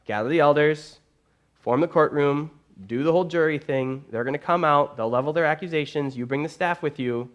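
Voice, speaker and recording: A man's voice: a little high, a little fast, muffled recording, close to an everyday voice. A man voicing a patient, weary male God. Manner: soothing, repeating reassurances. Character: patient, weary male deity reassuring a servant.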